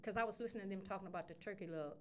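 Middle-aged woman, lively storyteller, mid-pitched voice, acts out quotes. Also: racing. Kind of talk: casual storytelling chat.

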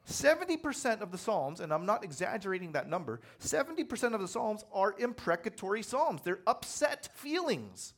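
A man preaching a sermon in a conversational, animated way, telling personal stories with self-deprecating humor. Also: high voice, a little fast, hardly any pauses. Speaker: pastor.

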